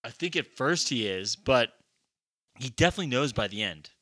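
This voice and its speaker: A man's voice: mid-range voice, animated, moderate pace, bright, forceful tone, dry recording, clean studio sound. A young man chatting casually about a movie as a podcast co-host, rambling with lots of fillers and swearing freely.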